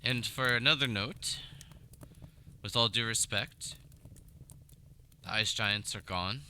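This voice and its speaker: A man's voice: lowish voice, slow, bright, forceful tone, slight background noise, exaggerated voice. A game master voicing a dry, wry townsman.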